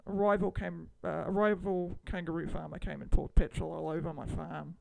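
A woman hams up a broad Australian accent as a farmer mourning his losses, all mock tragedy. The voice has a gravelly edge, and the telling is playful and overdone. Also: lowish voice, steady tone, normal speed, darkish tone, low-quality recording. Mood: mock tragic. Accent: put-on Australian. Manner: joking, mock-dramatic storytelling.

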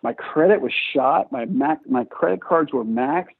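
A man guest in an interview, telling his story in a lively, self-mocking, chatty way. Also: fairly high pitch, a little slow, vocal fry, breathy edge. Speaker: guest entrepreneur. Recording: tinny phone-like line, dry.

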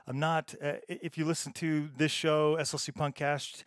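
A man's voice: fairly high pitch, flat delivery, normal speed, dry recording, studio quality. A man hosting a punk music podcast, introducing songs in an easygoing, chatty way with frequent "uh" fillers. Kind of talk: casual radio-show DJ talk.

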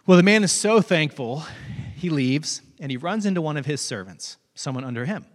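A pastor delivering a conversational sermon, retelling a parable with animated asides. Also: male voice, a little high, moderate pace, in a large hall. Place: church sanctuary.

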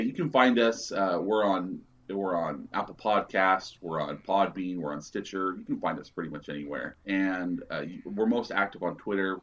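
A man's voice: sits low, a bit bright. A man guest on a podcast, chatting casually and rambling with lots of fillers. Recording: dull lo-fi audio.

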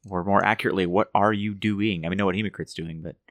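A man's voice: sits low, steady tone, fast, fairly bright tone, dry recording. A man running a tabletop game as game master, laid-back and often restarting his sentences.

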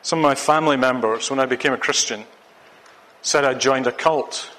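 A man's voice: medium pitch, normal speed, a bit bright. A man from Scotland preaching a sermon, earnest and urging, repeating phrases for emphasis. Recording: long hall reverb.

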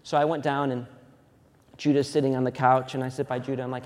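A man in his thirties preaching a sermon as a pastor, moving between loud emphatic preaching and quiet, hushed storytelling. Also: mid-range voice, flat delivery, quick pace, long reverb tail. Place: church sanctuary.

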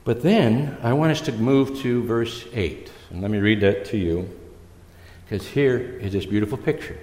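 A man giving a conversational sermon as a visiting preacher, pausing and restarting often as he talks. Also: mid-range voice, darkish tone. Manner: conversational, halting, with many restarts. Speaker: guest preacher. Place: church. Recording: echoey church hall.

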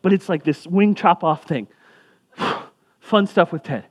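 A man's voice: sits high, slow, slightly rough. A young man preaching a sermon as pastor, in a conversational way with casual asides.

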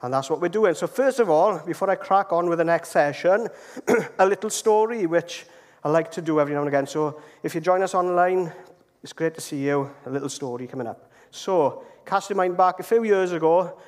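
A man's voice: on the high side, fairly quick. A man with a Welsh accent, preaching and telling a story in a chatty way, often checking in with his listeners. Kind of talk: storytelling sermon. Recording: long reverb of a large hall.

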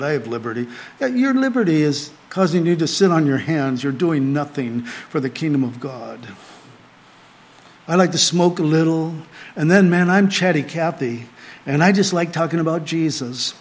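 Male pastor, middle-aged, slightly high voice, earnest sermon delivery with emphatic rises and hushed asides. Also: expressive, normal speed. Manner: earnest preaching, rising emphatic then dropping to quiet asides. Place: small group gathering.

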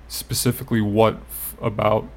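A man's voice: fairly low pitch, flat delivery, moderate pace. A man telling a story in casual chat. He rambles, fills his talk with "like" and swears now and then.

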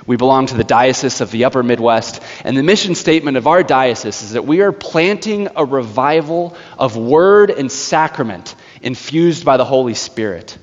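A male pastor preaching a sermon, telling a story in an animated way. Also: fairly high pitch. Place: church sanctuary. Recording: echoey church hall, slightly dull.

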